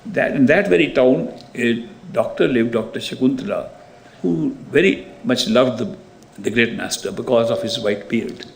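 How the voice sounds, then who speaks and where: A man giving a spiritual talk, telling stories in an animated way. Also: medium pitch, normal speed, vocal fry, slight background noise. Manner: animated storyteller, acts out quoted voices. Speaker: spiritual teacher. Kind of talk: spiritual discourse with storytelling.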